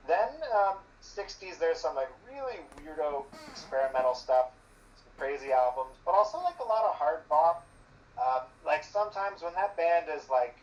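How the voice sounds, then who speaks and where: A man's voice: on the high side, a little mellow. A man as a guest in a casual chat, talking enthusiastically and rambling with many filler words. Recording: distant dull lo-fi mic with faint noise.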